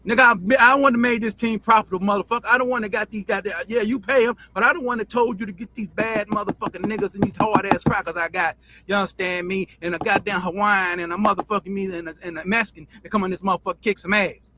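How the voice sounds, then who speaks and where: A man's voice: high-pitched, steady tone, fast, bright, forceful tone, slight background noise. A man acting out a furious, profane middle-aged football coach in a heated, defiant rant. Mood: angry.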